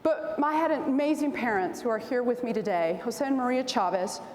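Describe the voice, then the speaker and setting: A woman in her forties giving a storytelling speech at a convention, animated and acting out the voices in her anecdotes. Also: a little high, normal speed, a little hiss or hum. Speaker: keynote speaker. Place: large convention hall. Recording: roomy hall reverb, faint ambience.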